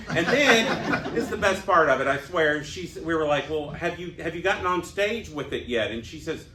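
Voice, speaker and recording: A man's voice: fairly high pitch, lively intonation, fairly quick, few pauses. A man, a comedian contestant, telling rambling comic stories and laughing at his own jokes. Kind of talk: storytelling comedy banter. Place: comedy club stage, live audience. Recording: echoey live club with noise.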